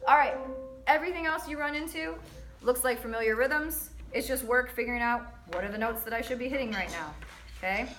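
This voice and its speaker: A woman's voice: fairly high pitch, fairly quick, echoey room, faint music behind. Upbeat woman teaching timpani rhythms. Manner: upbeat and breezy, counts and sings rhythms loudly. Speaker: percussion teacher. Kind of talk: music lesson, counting rhythms aloud.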